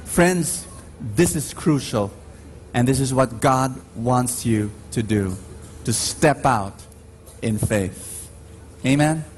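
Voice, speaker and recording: A man with a Filipino accent preaching a sermon in slow, emphatic phrases, his pitch swinging widely as he drives each point home. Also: faint music behind. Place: church. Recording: faint background noise on a radio live stream.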